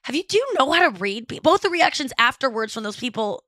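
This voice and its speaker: A woman's voice: high voice, big pitch swings, quick pace, bright, forceful tone, dry recording. A woman who is a comedian, a guest in a casual chat, gushing and laughing often.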